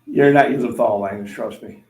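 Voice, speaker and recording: A man in his forties hosting a relaxed, talkative gym chat, reading comments aloud. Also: mid-range voice, brisk, husky, poor audio. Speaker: host. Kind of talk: casual chat on a livestream.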